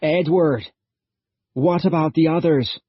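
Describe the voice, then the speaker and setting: A man's voice: a little high, expressive, normal speed, husky, no echo, muffled recording, voice pushed up. A man voicing an urgent, commanding young man leading a group in danger.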